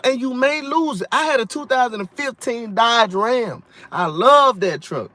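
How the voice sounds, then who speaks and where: A man's voice: very high-pitched, lively intonation, measured pace, few pauses, bright, forceful tone, dry recording. A man giving an emphatic, repetitive faith testimony in a casual vlog. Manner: preachy, emphatic, repeats himself. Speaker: vlogger sharing testimony.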